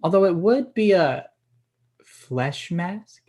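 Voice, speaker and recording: A young actor playing a deadpan young man afraid of buildings, pedantic and rambling when he tells a story. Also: high voice, takes it slowly, full character voice. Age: young adult. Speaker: actor in a student comedy sketch. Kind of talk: stage comedy dialogue.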